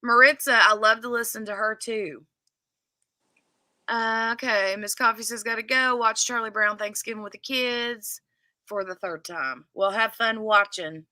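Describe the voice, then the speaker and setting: A woman with a bright, forceful voice and a Southern US accent from near Louisville, hosting a relaxed craft livestream. She chats and reads viewer comments aloud in a close, dry recording. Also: a little high, measured pace, dry recording. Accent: Southern US (Kentuckiana). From southern Indiana near Louisville, Kentucky. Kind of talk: casual livestream chat reading comments.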